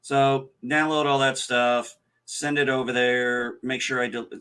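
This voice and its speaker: A man's voice: medium pitch, level tone, unhurried, bright, forceful tone, clear, resonant tone. A man co-hosting a casual livestream chat, telling a story in a profane, exasperated way. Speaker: livestream co-host.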